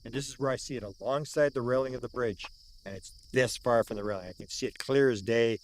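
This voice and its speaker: A man's voice: mid-range voice, fairly even intonation, quick pace. A man in his sixties from Canada, an older UFO researcher telling a story outdoors, repeating words for emphasis and acting out what people said. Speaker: UFO researcher recounting a sighting. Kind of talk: animated storytelling. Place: outdoors at the sighting site.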